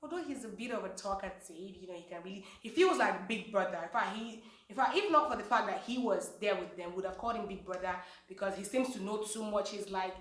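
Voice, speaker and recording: A woman's voice: mid-range voice, fast talker, hardly any pauses, a bit bright, reverberant. A woman, gossiping casually about reality show contestants, with lots of fillers. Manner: chatty, gossipy, many fillers. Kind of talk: casual chat.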